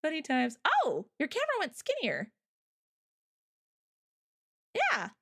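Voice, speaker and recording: A young woman with a Canadian accent chats with a livestream audience. She speaks at an unhurried pace in a slightly high voice. She rambles and giggles, with plenty of likes and ums. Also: huge pitch swings, gravelly, fairly bright tone. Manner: chatty and giggly, rambling with many fillers. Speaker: livestream host. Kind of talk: casual livestream chat.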